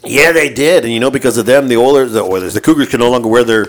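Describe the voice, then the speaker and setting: A man co-hosting a casual sports podcast, swearing a lot, excitable and laughing often. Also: mid-range voice, fast. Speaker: podcast co-host.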